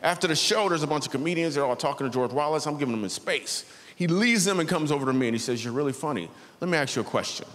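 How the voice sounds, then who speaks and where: A man's voice: on the high side, expressive, fast talker, a bit bright. A man in his thirties doing a stand-up comedy set in a church, telling a story and acting out the voices. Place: large church auditorium. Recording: reverberant hall, faint ambience.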